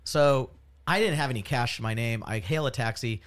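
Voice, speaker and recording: A man who is a guest comedian on a podcast, telling a self-deprecating anecdote in an animated, casual way with bursts of laughter. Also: mid-range voice, moderate pace.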